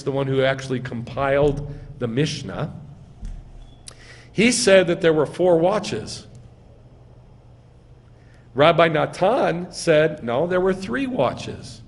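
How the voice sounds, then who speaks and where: A man, a rabbi giving a sermon, who quizzes his congregation and answers his own questions with emphatic stress. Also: on the high side. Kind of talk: sermon teaching. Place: synagogue sanctuary. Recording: long reverb in a hall.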